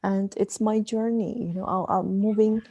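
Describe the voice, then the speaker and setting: A woman, sharing on a video call in a halting way and leaning on "okay" between phrases. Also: medium pitch, little pitch movement, dark tone, dry recording, poor audio. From Arab world. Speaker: retreat participant. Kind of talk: casual sharing in an online group.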